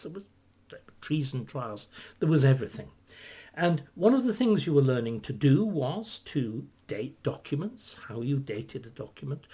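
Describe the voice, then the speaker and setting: An older man, a historian, talking reflectively in an articulate, lecturing way, stressing points and then dropping to soft, near-whispered asides. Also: mid-range voice, husky. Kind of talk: reflective conversation.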